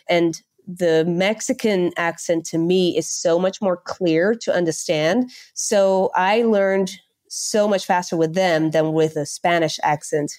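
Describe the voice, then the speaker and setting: Woman, from the Netherlands, podcast guest, animated storyteller, laughs often, lowish voice. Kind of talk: casual interview chat.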